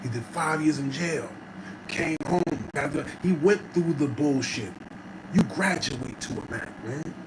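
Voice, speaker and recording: A man telling stories in an animated, slangy way, often checking in with "right?" as an interview guest. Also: a little high, unhurried. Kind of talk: casual storytelling chat. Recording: noticeable background noise.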